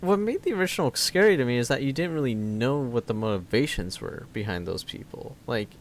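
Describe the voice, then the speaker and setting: A man's voice: medium pitch, lively intonation, fairly quick, a little hiss or hum. A man co-hosting a casual podcast film chat, agreeing and chiming in with short remarks. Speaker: podcast co-host.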